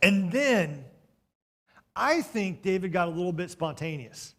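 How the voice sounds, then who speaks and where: A high-pitched, very animated man preaches a storytelling sermon a little slowly, swinging from loud bursts to hushed moments and tossing joking asides to the congregation.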